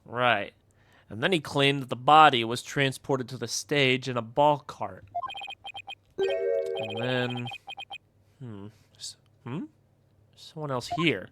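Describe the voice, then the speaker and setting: A man's voice: mid-range voice, slow pace, pauses often, background noise. A man streaming a game live, chatting casually and wryly with some swearing while reading dialogue aloud. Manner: casual, profane, wry. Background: game music.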